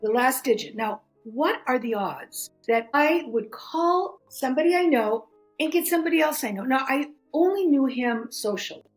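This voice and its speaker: A woman's voice: high voice, moderate pace, hardly any pauses, faint music behind, poor audio. Chatty storytelling woman, middle-aged. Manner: animated, chatty, acts out quoted voices. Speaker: podcast guest, author. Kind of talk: casual storytelling interview.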